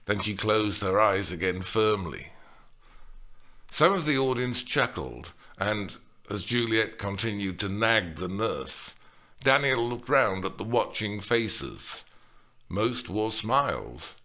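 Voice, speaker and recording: A man reading a comic novel aloud as an audiobook, with wry, expressive delivery. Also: on the low side, slow pace. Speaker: audiobook narrator. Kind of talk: audiobook narration.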